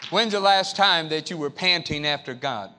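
Man, pastor, call-and-response sermon, high voice. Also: normal speed, sharp tone, soft background music. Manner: call-and-response preaching, repeating phrases. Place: church sanctuary.

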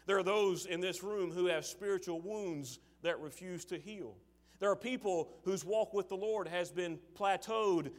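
A man preaching a sermon, moving from casual, filler-laden asides to forceful, emphatic calls to his listeners. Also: a little high. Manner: acts out his father's sarcastic voice.

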